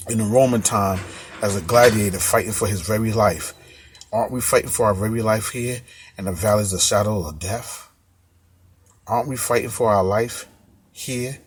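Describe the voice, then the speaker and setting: Over slight background noise, a fairly low-voiced man from the United States delivers an informal sermon. Speaking in everyday street language, he reads from scripture and hammers home key phrases by repeating them.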